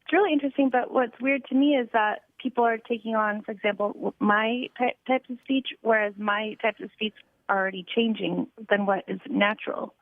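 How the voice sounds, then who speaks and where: A woman's voice: a little high, fairly quick, no room sound. A young woman from Los Angeles with a Californian accent, phoning in to a radio show and asking a question hesitantly, with many ums and likes. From Los Angeles, USA. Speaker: caller. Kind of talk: phone-in question. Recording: tinny phone line.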